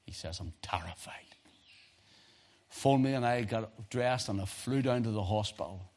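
A man preaching a sermon, telling a personal story in a hushed voice and then rising to loud preaching. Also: mid-range voice, normal speed.

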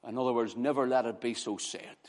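A man preaching an impassioned sermon, swinging from loud exclamations to hushed words. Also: medium pitch, steady tone, brisk.

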